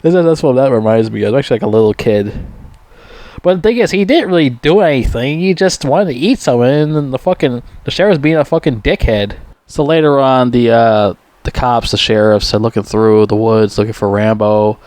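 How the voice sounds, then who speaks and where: A man rambles through a film's plot in a loose, profane, casual way, cursing freely and laughing at his own jokes. His voice sits at an ordinary middle pitch. The sound is dry and close, with no room echo. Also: brisk, darkish tone. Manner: mimics characters in high squeaky voices. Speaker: movie reviewer. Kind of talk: casual rambling movie recap.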